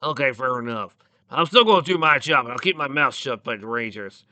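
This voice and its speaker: A reader voicing a stern male winged guard, loud and indignant with slow emphasis. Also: mid-range voice, lively intonation, no echo. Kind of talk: fan fiction read-aloud.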